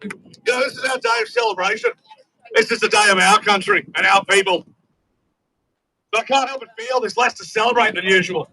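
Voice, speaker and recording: A man's voice: very high-pitched, very animated, brisk, vocal fry, long pauses, pushed and bright, a little hiss or hum, rough recording. An Australian man giving a grand, rhetorical rally speech outdoors, building on repeated phrases. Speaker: rally speaker and chant leader.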